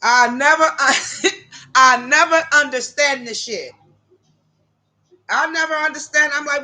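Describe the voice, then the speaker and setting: A brash, foul-mouthed woman with a high, bright, edgy voice. She tells stories casually and straight to her livestream viewers, calling them "y'all". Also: slow pace, pauses often. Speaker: livestream host. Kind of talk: casual storytelling to live chat viewers.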